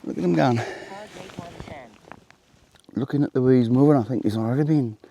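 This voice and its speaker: A middle-aged vlogger walks outdoor woodland and coastal paths, chatting casually to camera with rambling, jokey asides. He has a gravelly, dark, medium-pitched voice at a moderate pace, and the recording is muffled with a little hiss or hum.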